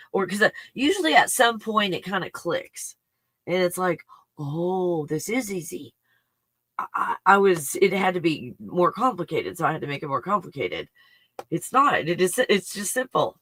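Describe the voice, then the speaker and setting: Bright, effusive woman hosting a live stream. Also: on the low side, no echo. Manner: effusive and emotional, gushing with exclamations. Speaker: host of a spiritual healing live stream. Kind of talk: live-stream talk reading viewer comments.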